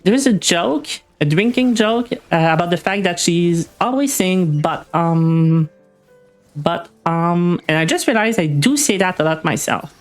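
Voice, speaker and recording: A young woman from Quebec with a Quebec French accent, chatting casually with her stream, often pausing on "uh" and "um". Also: medium pitch, lively intonation, soft background music. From Quebec, Canada. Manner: hesitant, many "uh" and "um" fillers. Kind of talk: casual chat with live chat while gaming.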